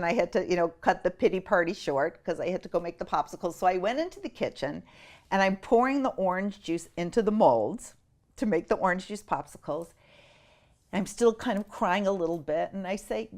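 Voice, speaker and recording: A middle-aged woman tells a personal story as an interview guest. She is animated and emotional, with her pitch in the middle of the female range, and she slips into the voices of the people she describes. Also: normal speed.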